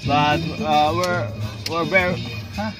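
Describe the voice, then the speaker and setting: A man with a Filipino accent vlogging in broken English, joking and excitable, mixing in Tagalog slips. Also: on the high side, slow pace. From Philippines. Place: outdoor amusement fair. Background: loud music.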